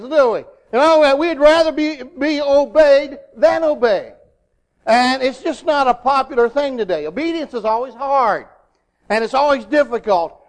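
A middle-aged man preaching a sermon in an animated way, acting out little voices in his asides. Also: very high voice.

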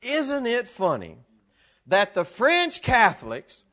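A Bible teacher leads a live group through scripture, speaking slowly in a high-pitched voice. He's animated and excitable, laughing often and exclaiming.

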